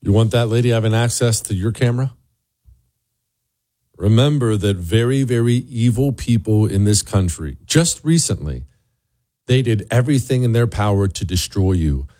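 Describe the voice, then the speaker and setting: A male talk radio host who argues hard and stumbles over repeated words when he gets going. His pitch swings widely as he rails against his targets. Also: lively intonation, moderate pace, mellow, no room sound, clean studio sound. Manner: emphatic, combative, repeats words when worked up. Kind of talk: opinionated talk radio monologue.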